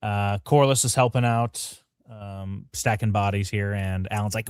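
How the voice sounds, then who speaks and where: A man's voice: on the low side, no echo. Guy cohosting a show review from home, dry close sound, swears a lot, does little character bits. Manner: profane, acts out characters in quick asides. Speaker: podcast co-host. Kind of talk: casual chat. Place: home room near a street.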